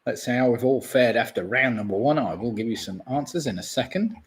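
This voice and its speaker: A man's voice: mid-range voice, animated, fairly quick. A man hosting a live online pub quiz, reading out answers and scores in a chatty way with jokey asides.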